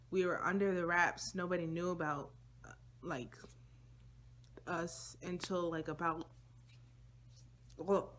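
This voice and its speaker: A woman's voice: on the low side, a little hiss or hum. A young woman vlogger telling a personal story to her viewers in a casual, slangy, chatty way.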